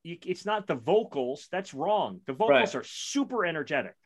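A man's voice: a little high, sing-song, normal speed. A man co-hosting a music podcast, arguing his point in a blunt, emphatic way. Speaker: podcast co-host. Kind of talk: casual music chat.

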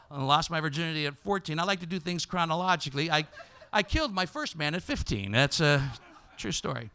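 A man with a high, sharply bright voice tells a comic story as a podcast host. His delivery is loud and animated, often jumping into shouts for effect. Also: smooth.

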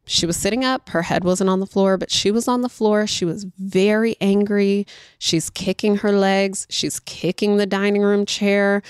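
A mother who homeschools, telling a story in a chatty, animated way and talking straight to her listeners. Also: mid-range voice, normal speed, clean tone, no room sound, studio quality. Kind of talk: casual storytelling monologue.

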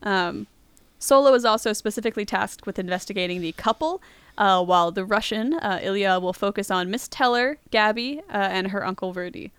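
A woman podcast host recaps a film scene by scene, chatty and quick to laugh. Her voice is smooth and resonant, and it sounds dry and close, with no room around it. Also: medium pitch, expressive, fairly bright tone, no echo. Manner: chatty retelling with frequent laughs. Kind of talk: casual movie recap.

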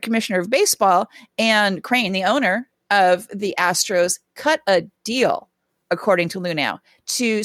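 A woman co-hosting a casual sports podcast, talking in an animated, sarcastic ranting manner. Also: mid-range voice, no echo, clean studio sound. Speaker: podcast co-host.

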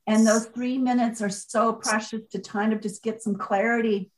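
A woman author being interviewed, speaking in an energetic, motivational way and driving her points home with repetition. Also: a little high, normal speed, poor audio. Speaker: author guest. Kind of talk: conversational interview.

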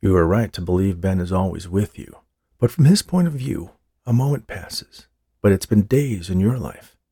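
A man voicing a calm, gentle psychic medium who speaks soothingly, in an audiobook. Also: low voice, normal speed, husky, no echo, clean studio sound, full character voice. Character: calm, smooth-talking male psychic medium.

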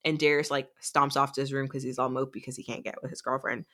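A woman's voice: very deep voice, little pitch movement, fast, pushed and bright. A woman co-hosting a podcast, casually recapping a book in a chatty way, with lots of fillers. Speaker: podcast co-host.

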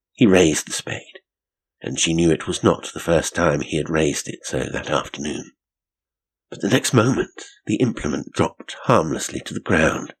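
A man narrates a classic mystery story with a measured, storytelling pace. His voice is very low and husky. He reads steadily and evenly. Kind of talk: scripted audiobook narration.

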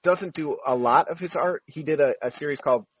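A man who is a comic book writer, talking as an interview guest, quick and eager and laughing often. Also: fairly high pitch, slightly rough, dry recording, muffled recording.

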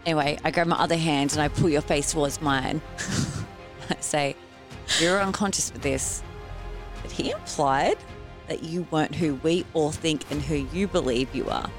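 A woman's voice: low voice, normal speed, over music. A woman playing a tabletop role-playing game, chatting casually and animatedly as she narrates what her character does. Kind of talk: casual role-play chat.

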